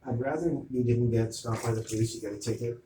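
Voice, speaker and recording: Middle-aged man, heated rant, mic well off, room echo and steady background noise. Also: mid-range voice, quick pace. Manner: agitated, retells arguments with quoted back-and-forth. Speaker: vlogger. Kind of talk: ranting monologue. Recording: roomy, distant mic, noisy ambience.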